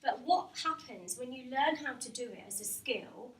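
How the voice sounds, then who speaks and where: A woman with a high voice gives a live workshop talk to staff. She speaks in a chatty way, laughing often and asking the room questions. The recording sounds roomy and distant, with faint background noise. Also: animated, normal speed. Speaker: hypnotherapist giving a staff talk. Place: company meeting room with a live audience.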